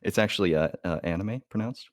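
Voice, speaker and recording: Young guy, really deep voice, crude smug jokes, dry sound. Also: a little fast, no room sound. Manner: crude, mock-smug teasing. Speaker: podcast co-host. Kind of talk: casual chat.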